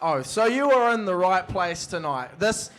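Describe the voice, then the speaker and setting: An upbeat man hosts a live show from a pub. His voice is fairly high for a man, and he moves briskly from introducing the guest to asking her questions. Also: big pitch swings, a bit bright, faint music behind. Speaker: host.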